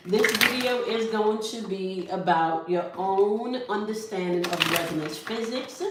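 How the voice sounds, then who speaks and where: A woman leading a spiritual tarot and sound-healing session, calm and instructive, often checking in with the listener. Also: lowish voice, reverberant, background noise. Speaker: spiritual reader.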